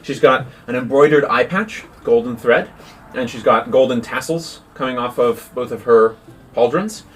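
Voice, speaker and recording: Halting game master man. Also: mid-range voice, a little hiss or hum. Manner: relaxed, halting, many fillers. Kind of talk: narrating a tabletop game. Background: faint music.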